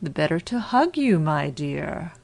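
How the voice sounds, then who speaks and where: A woman voicing a big, hungry wicked wolf in a storybook reading, with loud, drawn-out lines. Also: sits low, sing-song, vocal fry, full character voice. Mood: menacing.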